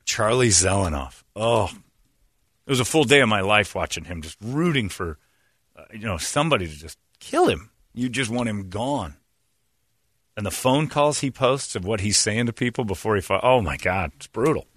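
A man's voice: lowish voice, animated, moderate pace, a bit bright, breathy edge, no echo, clean studio sound. A man in casual sports talk, ranting bluntly and acting out what others said. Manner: blunt, ranting, acts out quotes in put-on voices.

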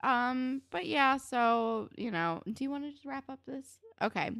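A woman co-hosting a casual chat, recapping a TV episode in a chatty, filler-heavy way with animated retellings. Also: sits high, a little slow, gravelly, no room sound, studio quality. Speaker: podcast co-host recapping a TV episode.

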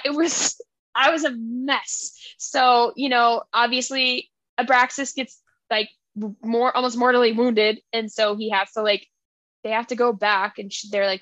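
A woman's voice: mid-range voice, bright, forceful tone, no echo. Emotional young woman gushing about a book. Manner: gushing, emotional, filler-heavy retelling. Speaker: podcast co-host. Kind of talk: casual book chat.

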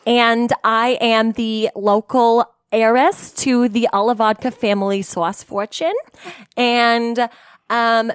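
A woman's voice: fairly high pitch, no room sound, studio quality. A woman playing a spoiled young heiress in a put-on accent in a tabletop murder mystery game.

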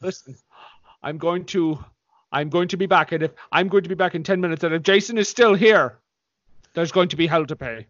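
A man voicing a stern, furious old nun who scolds and shouts orders at a young man. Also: a little high, fairly quick, dry recording, dull audio, lightly acted. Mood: threatening.

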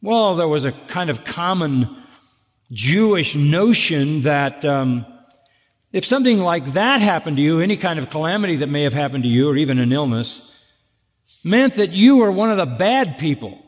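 A man delivers a sermon from the pulpit, his somewhat high voice pressing each point home. He fires rhetorical questions straight at the congregation, and long reverb trails his words through the church sanctuary. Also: big pitch swings, moderate pace. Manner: emphatic, addresses the congregation directly with rhetorical questions. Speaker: pastor. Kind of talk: expository sermon. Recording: echoey hall with long reverb.

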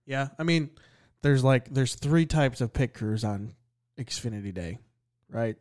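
A man's voice: medium pitch, measured pace, darkish tone. Dry-joking man in casual chat. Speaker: podcast co-host.

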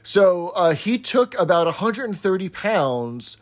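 Man, slightly high voice, podcast co-host, casual sitcom recap, chatty asides, tag questions. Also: big pitch swings, measured pace.

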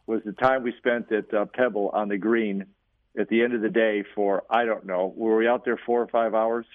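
Male coach, mid-pitch, teasing co-host, thin phone-line sound, dry. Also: fairly even intonation, moderate pace, no room sound. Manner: teasing, encouraging interjections. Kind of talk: casual chat.

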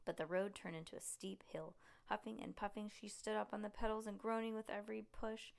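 A woman reading a children's story aloud with lively pacing and the odd slip and restart. Her voice has a gravelly, creaky grain. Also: medium pitch, a little fast. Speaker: reader.

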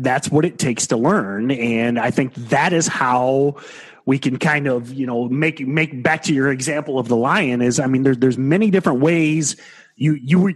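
A man co-hosting a podcast chat, explaining things in a coaching way, talking through headphones. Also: mid-range voice. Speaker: podcast co-host, trading coach. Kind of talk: casual chat. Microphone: headphones on a call.

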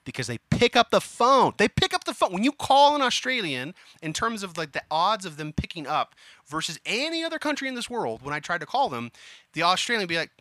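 Lively, bright-voiced jokey male co-host. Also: high voice, a little fast, dry recording. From Arizona, USA. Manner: animated storyteller, jokey. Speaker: podcast co-host. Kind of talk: casual podcast chat.

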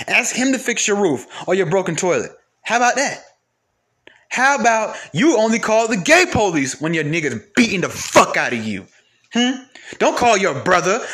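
Fiery high-voiced man ranting hard. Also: sharp tone. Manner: angry, profane, repetitive rhetorical questions. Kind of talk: heated profane rant to camera.

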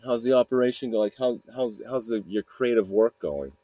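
A man voicing a lonely, pushy male monster who pleads in a halting, wheedling way. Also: mid-range voice, warm tone, no echo, natural voice. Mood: eager. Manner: wheedling, halting, casual retelling.

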